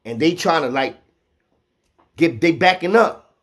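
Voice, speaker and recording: A man telling a profane, animated street story, acting out the quotes. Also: on the high side, measured pace.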